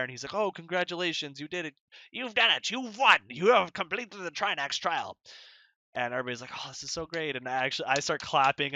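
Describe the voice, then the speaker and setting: A man's voice: mid-range voice, pushed and bright, no room sound. A young man giving casual, rambling advice as a dungeon master, full of fillers and loose asides.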